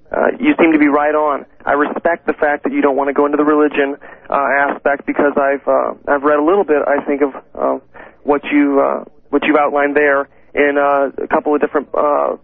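Male radio caller, slightly high and flat, rambling, phone-line sound. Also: vocal fry, no room sound. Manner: rambling, halting with many fillers. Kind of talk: call-in radio.

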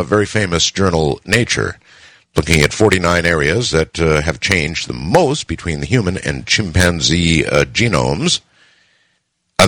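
Deep-voiced, animated male storyteller. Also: dry recording. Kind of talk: humorous story reading and news chat.

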